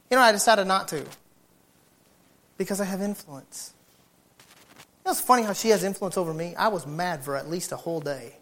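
A man preaching with humorous storytelling, acting out neighbors and dogs in animated bursts. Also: high-pitched, moderate pace, long pauses.

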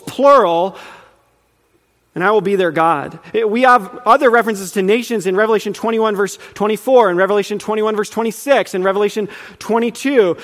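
A man's voice: high-pitched, fairly bright tone. A man preaching a teaching sermon, earnest and building in emphasis as he quizzes his listeners. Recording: long reverb of a hall.

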